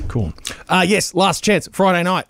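A man hosting community radio in a loose, chatty way, his pitch swinging widely as he tells stories. His voice has a gravelly, fry-heavy edge. The studio sound is dry and close. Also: dry recording. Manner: animated, chatty, puts on voices in anecdotes. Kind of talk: casual radio chat. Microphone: studio mic.

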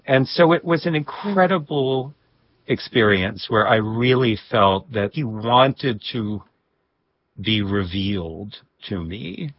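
A man recalling personal memories in a reflective interview, with a husky voice and soft laughs. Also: on the low side, lively intonation, takes it slowly, no room sound, dull audio. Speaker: guest. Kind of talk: reflective storytelling.

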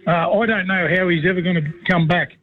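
A man's voice: high-pitched, steady tone, fast talker. A middle-aged Australian man, a former player and commentator, rambling through stories on a radio show and saying "mate" in nearly every line. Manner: rambling storyteller, says "mate" constantly. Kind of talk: casual radio chat by phone. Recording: tinny phone line.

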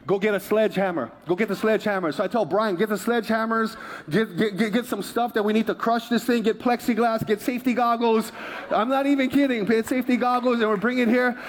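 Animated high-voiced male pastor. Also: fast talker. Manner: conversational storytelling preacher, animated and joking. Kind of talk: sermon. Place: church sanctuary.

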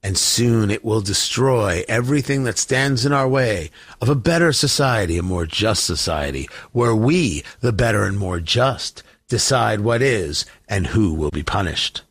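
A man voicing a gloating, sinister male villain who relishes plotting destruction, in a slow theatrical menace. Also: fairly low pitch, expressive, slightly rough, no room sound, pitched below the performer's own voice, heavily acted.

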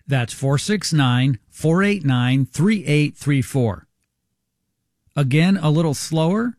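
A male radio show host making an on-air sales pitch, urgent and salesy, repeating key numbers slowly. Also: expressive, darkish tone, no echo, clean studio sound.

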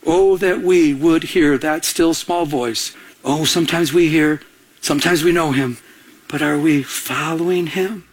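A man preaching a sermon as pastor, animated and quoting scripture with acted-out voices. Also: on the high side, measured pace, slightly rough.

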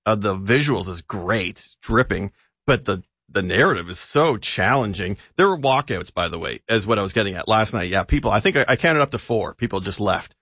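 A man reviewing films in relaxed, halting radio chat. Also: fairly low pitch, husky, no room sound. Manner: relaxed, halting, chatty, with fillers. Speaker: film reviewer on a radio show. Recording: dull, dry studio radio sound.

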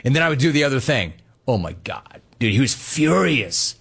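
A man hosting a sports radio show, reading listener questions and answering them with casual anecdotes and quick impressions of people he talks about. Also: medium pitch, sing-song, fairly bright tone. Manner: storytelling, mimics people in anecdotes.

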